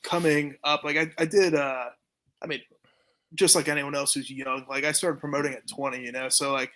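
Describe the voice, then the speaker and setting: A man's voice: fairly high pitch, little pitch movement, normal speed, sharp tone. A young man from Canada talking casually in an interview, laid-back and blunt, swearing freely. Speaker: jiu-jitsu gym owner and event promoter.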